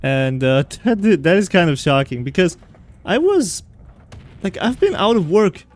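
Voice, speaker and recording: Unhurried and high-voiced, with big swings in pitch, this man rambles through casual chatter as he plays a video game on stream. He is chatty and laughs a lot.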